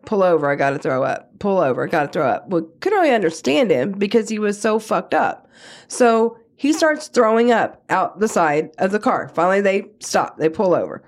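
A middle-aged woman co-hosting a podcast, telling a story in a casual chat, swearing freely and acting out the quotes in a higher voice. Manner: animated storyteller, acts out quotes with a raised pitch, swears freely. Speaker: podcast co-host.

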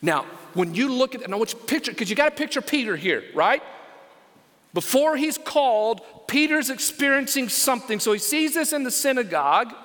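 A male pastor delivers a sermon with a high, bright and forceful voice. He is emphatic and keeps turning to his listeners with questions. The sound carries the long reverb of a large church sanctuary. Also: animated, brisk. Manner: emphatic preaching, asks the congregation questions. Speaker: senior pastor.

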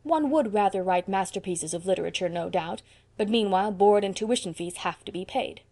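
A woman voicing an earnest, sensible young college man in an audiobook, reasoning calmly. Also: mid-range voice, brisk, close to an everyday voice. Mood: reassuring.

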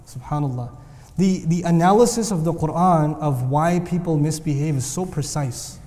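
Animated male preacher in a reverberant hall. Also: fairly high pitch. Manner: animated, acts out quoted voices. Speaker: Islamic preacher. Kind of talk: sermon.

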